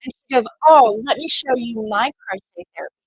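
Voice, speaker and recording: A woman's voice: a little high, brisk, husky, no echo, low-quality recording. A middle-aged woman telling a rambling story in a casual chat, full of fillers and quoted dialogue. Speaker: crochet vlogger.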